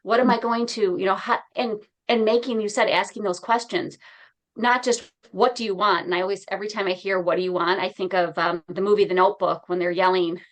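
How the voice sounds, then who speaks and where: Woman talk-radio host, mid-pitched, upbeat and affirming. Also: steady tone, brisk. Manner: upbeat, affirming, acts out quotes playfully. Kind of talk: radio talk show chat.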